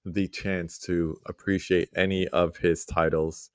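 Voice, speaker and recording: New host with a deep voice. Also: male voice, a little slow, no room sound, clean studio sound. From New York. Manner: relaxed, jokey questioner. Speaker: podcast host. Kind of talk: casual interview chat.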